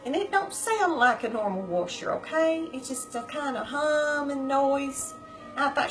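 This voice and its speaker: A woman spins a casual story for her viewers in a folksy, chatty manner, animated as she goes. Her voice sits a little higher than most. Faint music plays underneath. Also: a little slow, rough recording. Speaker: vlogger.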